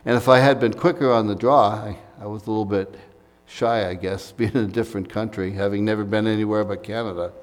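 American guy preaching, kinda low voice, chatty with lots of um and you know, big echoey church. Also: fairly even intonation, fairly quick. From United States. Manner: conversational preaching with fillers and asides. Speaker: pastor. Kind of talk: sermon.

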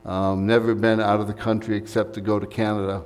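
A man's voice: on the low side, flat delivery, brisk, darkish tone, in a large hall. An American man preaching a sermon in a conversational way, with fillers and asides, recorded in a church sanctuary. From United States. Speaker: pastor.

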